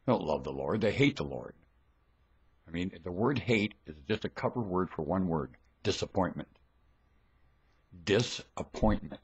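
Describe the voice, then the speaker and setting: A man giving a rambling, scornful religious monologue into a webcam at home, dropping to low mutters and then bursting into shouts. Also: lively intonation, moderate pace, slightly rough, muffled recording. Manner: preachy, scornful, lectures the listener.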